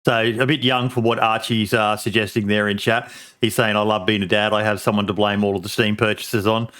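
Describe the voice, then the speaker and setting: A man's voice: on the low side, level tone, a little fast, a bit bright. A middle-aged man hosting a podcast in casual chat, swearing freely and laughing often. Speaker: podcast host.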